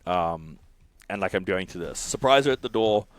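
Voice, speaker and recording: A man who coaches and co-founded a software company, telling a casual podcast story full of swearing, restarts and fillers. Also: sits low, expressive, normal speed, no room sound. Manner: swears often, rambling with restarts.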